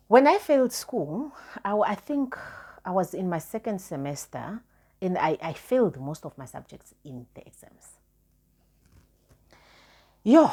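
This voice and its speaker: Woman vlogger, low husky voice, candid and repetitive storytelling. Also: darkish tone. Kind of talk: personal storytelling.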